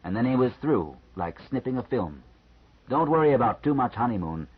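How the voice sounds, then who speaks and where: A man reading an audiobook, voicing a calm male doctor who explains things frankly and matter-of-factly. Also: medium pitch, breathy edge. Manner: measured, matter-of-fact explaining. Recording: slightly muffled lo-fi recording.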